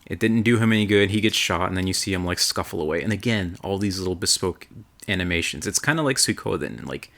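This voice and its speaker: A man co-hosting a podcast, excitedly recapping a game in a rambling, casual way and swearing freely. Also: low-pitched, quick pace. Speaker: podcast co-host.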